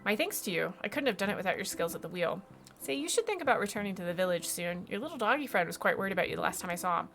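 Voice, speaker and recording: A woman's voice: mid-range voice, lively intonation, very fast, gravelly, fairly bright tone, soft background music. A woman voicing a grateful, friendly villager in a video game, close to her own voice.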